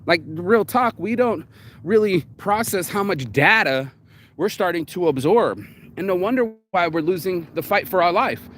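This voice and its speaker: A man with a fairly high voice talks straight to the camera in a blunt, profane motivational vlog. He keeps slipping into quick acted quotes. Faint outdoor ambience and passing traffic sit under his voice. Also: animated, a bit bright. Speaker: motivational vlogger. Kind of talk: casual motivational talk.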